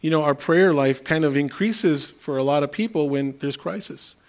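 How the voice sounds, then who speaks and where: A man's voice: on the high side, moderate pace. A middle-aged man giving a conversational sermon as a pastor, telling humorous everyday stories with restarts.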